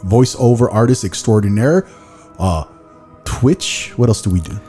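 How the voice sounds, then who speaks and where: A man's voice: lowish voice, lively intonation, unhurried, dark tone, faint music behind. A man hosting a podcast in casual chat, rambling and laughing at himself. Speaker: podcast host.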